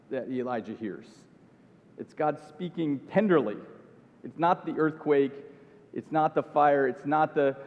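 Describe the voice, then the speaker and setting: A man preaching an earnest sermon, often restarting and repeating his phrases. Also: fairly high pitch. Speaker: pastor. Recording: dull sound with long hall reverb.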